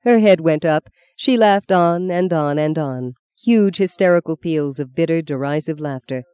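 A woman narrating a novel as an audiobook in a measured, expressive storytelling voice. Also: deep voice, clear, resonant tone, no room sound. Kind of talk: scripted narration.

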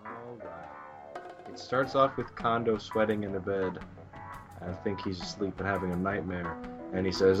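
A man co-hosting a podcast, narrating a plot in a low-key, casual way, in muffled lo-fi audio. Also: measured pace, soft background music. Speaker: podcast co-host. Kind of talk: casual chat recapping a manga.

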